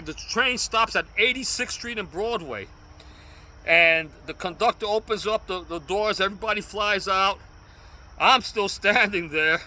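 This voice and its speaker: A man's voice: high voice, moderate pace, pushed and bright, rough recording. An older man, telling a story in casual street talk and punctuating it with sound effects. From New York. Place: outdoors on a city street.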